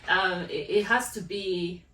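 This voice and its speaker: A woman's voice: lowish voice, slow pace, a bit bright. A woman co-hosting a podcast in casual faith conversation, reflective and thinking aloud. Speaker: podcast co-host. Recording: echoey room, distant mic, faint noise.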